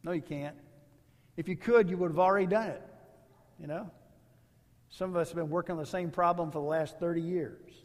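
A man's voice: a little high, steady tone, fairly quick, pauses often, long reverb tail. A man preaching a sermon as a pastor, in a casual, storytelling way with rhetorical asides.

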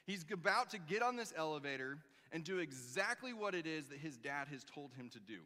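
A bright, high-voiced man preaches to his congregation, telling a story with lively, animated emphasis. His voice rings with the long reverb of a church sanctuary, and he punches quoted lines loudly. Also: fairly quick. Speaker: pastor. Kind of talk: sermon.

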